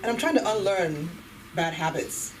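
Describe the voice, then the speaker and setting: A woman's voice: fairly low pitch, moderate pace. A woman chatting to a group in a casual, self-deprecating way. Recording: distant mic with noticeable room noise.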